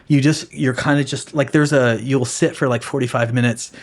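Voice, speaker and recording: A man telling a long story in a casual podcast conversation, with many fillers and restarts. He laughs often and drops soft and quiet for the reflective parts. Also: medium pitch, steady tone, moderate pace.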